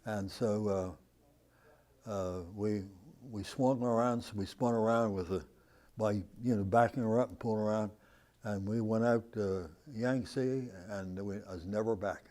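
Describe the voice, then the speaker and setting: A man in his nineties from the United States, telling war stories in an interview as an animated storyteller who chuckles at his own tale. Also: fairly low pitch, a little slow. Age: 90s. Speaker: veteran interviewee. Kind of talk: recounting war memories in an interview.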